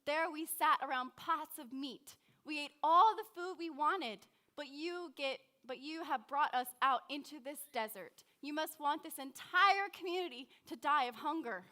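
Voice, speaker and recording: A woman voicing a complaining Israelite, whining in a rapid, aggrieved rush. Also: high voice, bright, forceful tone. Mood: whiny.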